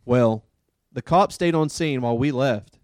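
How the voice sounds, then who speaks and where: Animated man telling a work story. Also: medium pitch, a little slow, no echo, clean studio sound. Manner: animated, lots of fillers like dude and man. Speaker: paramedic and podcast host. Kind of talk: casual storytelling chat.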